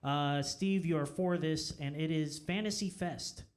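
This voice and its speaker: A man's voice: on the high side, a little slow. A man moderating a live comedy debate in a club, loose with laughing asides.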